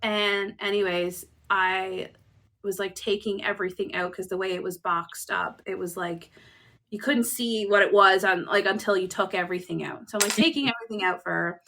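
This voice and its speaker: A Canadian woman co-hosts a podcast and tells a story in relaxed chat. Her voice is bright and ringing. She acts out quoted lines with lots of laughter. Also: mid-range voice, normal speed. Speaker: podcast co-host.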